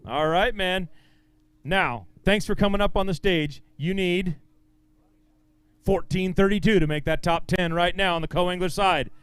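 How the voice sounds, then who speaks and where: Man, weigh-in emcee, high voice, upbeat, encouraging banter, dry close sound. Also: a little slow, a bit bright, clean tone, dry recording. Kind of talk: live weigh-in announcing.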